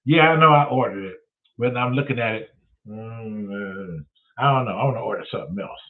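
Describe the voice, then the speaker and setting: A man's voice: lowish voice, animated, moderate pace, pitched below the performer's own voice, lightly acted. A man quoting a fussy woman diner who whines that she wants a different dish. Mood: indecisive. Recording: tinny phone-like sound.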